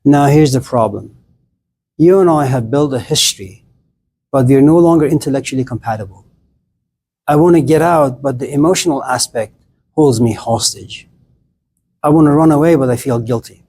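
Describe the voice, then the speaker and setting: A man's voice: medium pitch, moderate pace, long pauses, a little mellow, a little hiss or hum. Blunt, chatty man lecturing a class. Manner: conversational, blunt, acts out little scenes with a student. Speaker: philosophy lecturer.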